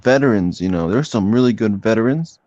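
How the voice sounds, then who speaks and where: A man with a low, dry voice tells stories in a casual, heated debate. He rambles, repeats himself and keeps saying bro. The recording sounds a little dull. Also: animated, brisk, a little mellow, no echo. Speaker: debate participant.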